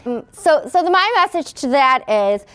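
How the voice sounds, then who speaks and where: Woman telling a patient story, slightly high. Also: expressive, normal speed, fairly bright tone. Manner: storytelling, quoting others, laughing through. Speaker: patient speaker. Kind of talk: personal story talk.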